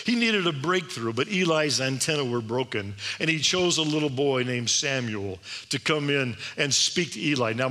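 A man's voice: a little high, sharp tone. A man giving an emphatic sermon-style address to an audience in a large hall, asking many rhetorical questions. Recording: long hall reverb.

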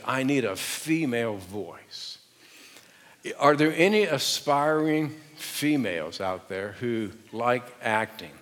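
A male pastor preaching a sermon, retelling a story with animated, humorous storytelling and direct questions to the congregation. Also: mid-range voice, big-room sound.

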